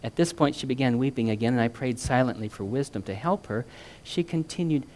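Man, mid-pitched voice, storyteller, animated reading, acts out dialogue, chatty asides. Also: brisk. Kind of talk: reading a first-person story aloud with asides.

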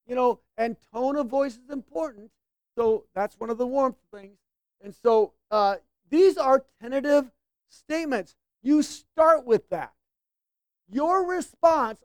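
A woman's voice: high voice, lively intonation, measured pace, a little mellow, dry recording. A woman preacher teaching in a conversational sermon, often checking in with her listeners and acting out quoted lines. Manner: conversational, acts out quoted lines with shifting voices.

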